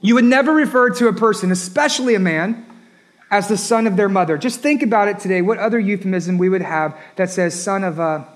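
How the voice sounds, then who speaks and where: A man's voice: high-pitched, brisk. A man preaching a sermon as a pastor, emphatic and repetitive, rising and dropping his voice for effect.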